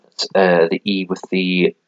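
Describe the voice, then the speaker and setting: A man explains a lesson at an unhurried pace and keeps stopping for ums and restarts. His voice sits low and deep, and he talks casually into a desk mic. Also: monotone, highs cut off, background noise. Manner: hesitant, many ums and restarts. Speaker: language learner.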